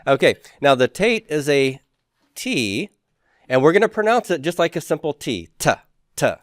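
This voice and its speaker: A man's voice: fairly high pitch, very animated, moderate pace, no room sound, clean studio sound. A man teaching a class, drawing out letter sounds and adding joking asides. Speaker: Hebrew teacher. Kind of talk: classroom lecture.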